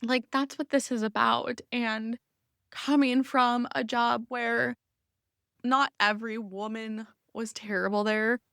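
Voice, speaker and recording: A woman's voice: on the high side, steady tone, slow, creaky, a bit bright, clear, resonant tone, no room sound. A woman in her thirties hosting an unscripted personal podcast, talking in an open, heartfelt and rambling way, close to tears. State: emotional, near tears. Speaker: podcast host.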